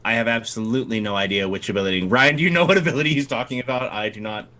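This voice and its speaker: A man narrating as dungeon master, animated and quick, shifting between tense description and playful banter. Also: medium pitch. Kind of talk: narrating a tabletop game.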